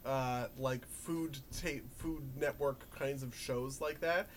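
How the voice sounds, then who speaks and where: A man in casual podcast chat, rambling and animated, laughing often and swearing. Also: medium pitch, slow pace, slight background noise. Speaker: podcast co-host.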